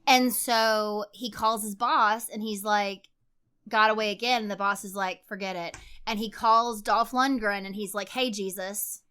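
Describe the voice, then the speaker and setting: A woman's voice: medium pitch, fairly even intonation, unhurried, bright, forceful tone, clean tone. A woman co-hosting a podcast, casually and animatedly reviewing a film, full of "like" fillers. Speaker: podcast co-host. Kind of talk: casual movie review chat.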